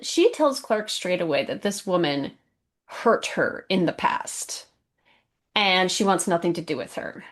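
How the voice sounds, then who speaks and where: A woman's voice: on the low side, very animated, measured pace. A woman podcast co-host in casual chat, thoughtful and playful.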